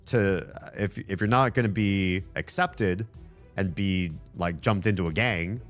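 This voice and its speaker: A man with a very low voice talks his way through a video game in a loose, rambling way and curses offhandedly. His voice is getting worn and hoarse, and quiet game music plays faintly underneath. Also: unhurried. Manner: rambling, swears casually. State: losing his voice. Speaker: gameplay commentator. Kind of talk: casual let's-play commentary.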